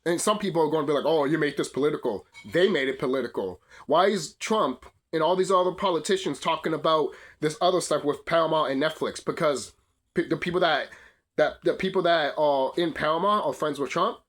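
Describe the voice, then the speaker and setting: A man's voice: fairly high pitch, a little fast, fairly bright tone. A young man hosting his channel, delivering a heated, profane, rambling rant. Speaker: video channel host. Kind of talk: ranting commentary.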